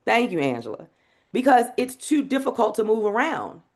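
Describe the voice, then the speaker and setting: Woman speaking coach, lively swooping voice, higher pitch, energetic teaching over a video call. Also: moderate pace. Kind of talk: live online masterclass.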